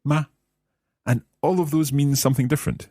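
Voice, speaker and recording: A man's voice: low-pitched, big pitch swings, normal speed, a little mellow, husky, dry recording, clean studio sound. A man, a learner co-hosting a language lesson, who asks curious questions and repeats phrases after the teacher. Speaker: learner co-host.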